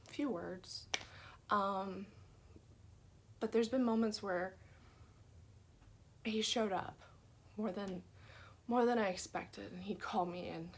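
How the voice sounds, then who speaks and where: A woman telling a personal faith story in an earnest, conversational way, sometimes dropping to a soft whisper. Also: medium pitch, slight background noise. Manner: earnest, drops to a soft whisper at tender moments. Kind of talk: personal testimony.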